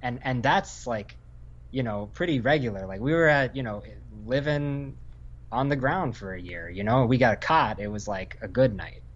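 A man's voice: medium pitch, normal speed. Man from Northern Virginia, muffled audio. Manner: rambling, many fillers and restarts. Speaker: guest, Army infantry veteran. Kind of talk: casual podcast conversation.

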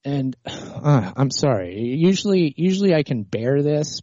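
Male stream host, exasperated and ranting, mellow dark tone, dry muffled mic. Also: mid-range voice, animated, moderate pace, few pauses, no echo. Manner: exasperated, rants with many restarts. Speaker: livestream host. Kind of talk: heated political call-in argument, then rambling monologue.

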